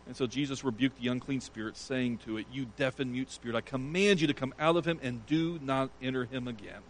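A man's voice: mid-range voice, fairly quick, slight background noise, low-quality recording. A man preaching a sermon, retelling a scripture story with earnest emphasis. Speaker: pastor.

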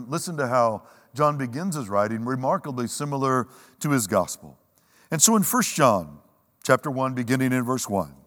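A man preaching a sermon, emphatic, with dramatic pauses and a slow, weighty delivery when he quotes scripture. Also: medium pitch, expressive, fairly bright tone. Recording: long reverb of a large hall.

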